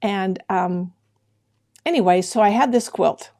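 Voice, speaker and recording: Gravelly-voiced woman chatting on a livestream. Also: mid-range voice, unhurried, darkish tone. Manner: chatty, greets viewers by name, laughs often. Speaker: sewing livestream host. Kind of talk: casual live-stream chat with viewers.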